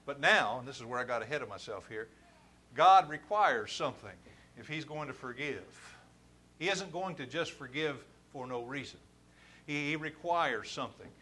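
A man preaching a sermon, building to forceful, emphatic stresses. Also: mid-range voice, lively intonation, normal speed, husky.

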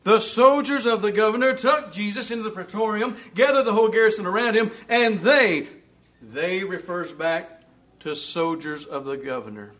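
A man preaching a sermon, reading scripture aloud, asking rhetorical questions, and swinging between loud emphasis and hushed asides. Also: high-pitched, normal speed. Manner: asks the congregation rhetorical questions.

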